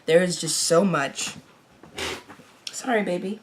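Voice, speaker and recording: A woman's voice: lowish voice, takes it slowly, soft background music. A woman vlogger talking casually to herself at home, pleading with her gear and muttering half-whispered asides. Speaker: TV reaction vlogger. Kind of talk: casual chat to herself while setting up. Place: home room by her chair, dog nearby.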